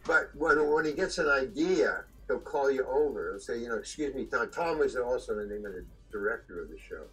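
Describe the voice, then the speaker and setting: An older man, an actor being interviewed, telling stories in a halting way with restarts and chuckles. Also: mid-range voice, expressive, a bit bright, husky, faint music behind, low-quality recording. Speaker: actor guest. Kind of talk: anecdotal storytelling.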